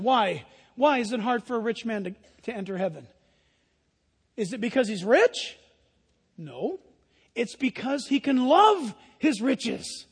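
A man with a very high voice preaches to his congregation, swinging from hushed asides to near-shouting. His voice rings with a long hall reverb, as in a church sanctuary. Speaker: pastor. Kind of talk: sermon.

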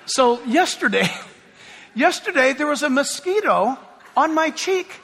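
A man's voice: very high voice, sing-song, unhurried, fairly bright tone, in a large hall, slight background noise. A middle-aged man preaching a sermon as pastor, telling chatty stories with self-deprecating humor.

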